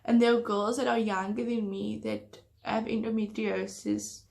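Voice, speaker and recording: A young vlogger talks to camera in a personal storytime video, sounding hesitant and earnest as she confesses. Her mid-range voice is creaky and a little mellow, with little pitch movement and a normal speed.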